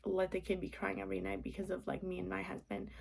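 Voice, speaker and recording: A woman's voice: medium pitch, completely flat delivery, fast talker, creaky, slight background noise. A young woman venting casually in a late-night vlog from her apartment, rambling with lots of "like" and sometimes dropping to a whisper. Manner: rambling, frequent "like", drops to whispers. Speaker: vlogger.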